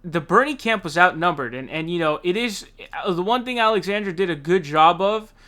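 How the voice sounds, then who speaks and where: Male commentary host, high-pitched, heated and profane, casual rant. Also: expressive, a little fast, sharp tone.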